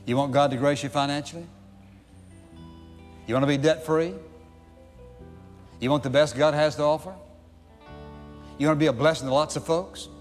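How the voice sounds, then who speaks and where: A man's voice: a little high, fairly even intonation, normal speed, long pauses, long reverb tail, soft background music. A man preaching a sermon, emphatic, with repeated rhetorical questions. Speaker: pastor.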